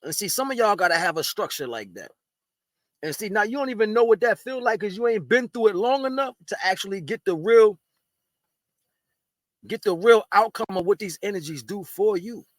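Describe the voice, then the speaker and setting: A man's voice: sits high, animated, fairly quick, no echo. A man talking casually to camera, giving blunt, streetwise spiritual advice and eating while he talks. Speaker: spiritual video host.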